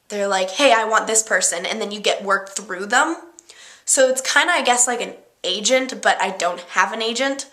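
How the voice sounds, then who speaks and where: A woman's voice: a little high, a bit bright. A young woman from Canada with a girlish voice, chatting casually to the camera at home, easily distracted and giggly. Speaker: vlogger. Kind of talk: casual chat.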